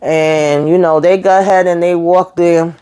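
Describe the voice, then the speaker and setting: A woman's voice: on the low side, steady tone, measured pace, mellow, clear, resonant tone. A woman casually recapping a TV episode, chatty and sassy, calling her viewers girl and honey. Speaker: show reviewer recapping an episode.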